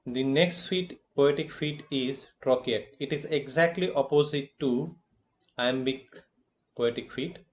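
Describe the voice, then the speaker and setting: A male college lecturer with a mid-range voice and Indian English speaks slowly and deliberately in a recorded classroom lecture. He tends to repeat terms and lean on filler phrases.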